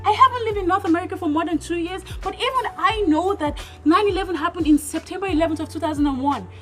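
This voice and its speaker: Very high-voiced woman vlogging. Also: fast, sharp tone. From Nigeria. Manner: emphatic, full of rhetorical questions. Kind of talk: opinionated vlog commentary. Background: background music.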